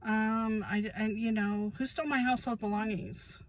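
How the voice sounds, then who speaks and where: A woman vlogger talks casually and emphatically about her own life, repeating phrases for weight. Her fairly high voice has a steady tone and normal speed, recorded at low quality with no room sound.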